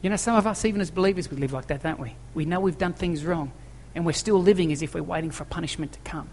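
Long, echoing reverb fills the church hall where this pastor delivers a sermon, talking fast in a darkish voice on the high side. He hammers home key phrases and throws out rhetorical questions to the congregation, with slight background noise present.

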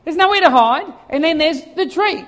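An Australian man in middle age preaches through a personal story with a strikingly high-pitched voice. He moves from lively, animated telling to soft, hushed reflection. His words ring out with a long echo in a large church hall. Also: normal speed. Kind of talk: storytelling sermon.

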